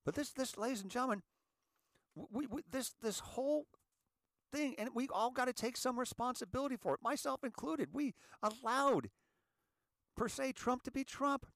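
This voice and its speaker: A man's voice: very high-pitched, a bit bright, no room sound. A man hosting an emotional solo commentary, impassioned and tired after a sleepless night, often repeating words and restarting sentences. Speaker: host.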